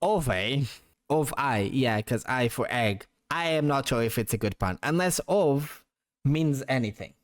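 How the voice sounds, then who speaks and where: A man's voice: medium pitch, animated, a little slow. A young man giving playful, casual commentary as he ranks names, laughing often and swearing now and then. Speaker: YouTuber ranking names.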